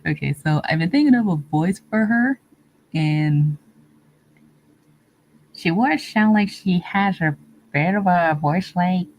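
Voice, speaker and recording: A woman chats on her livestream and replies to viewer comments in an easygoing way. She meanders from one thought to the next and pauses often. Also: lowish voice, expressive, darkish tone, slight background noise, poor audio. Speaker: livestream host. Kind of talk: casual live-stream chat, reading viewer comments.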